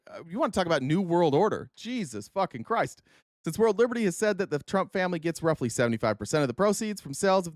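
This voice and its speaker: Brief: heated, foul-mouthed political commentator, sarcastic, mid-pitched, dry close recording. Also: dry recording. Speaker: host of a political commentary show. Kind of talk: reading news excerpts and ranting commentary.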